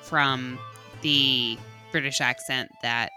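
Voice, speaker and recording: A woman co-hosting a podcast, blunt and swearing in quick casual reactions. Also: rumbling low, fairly even intonation, bright, forceful tone, soft background music. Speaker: podcast co-host. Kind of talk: casual chat.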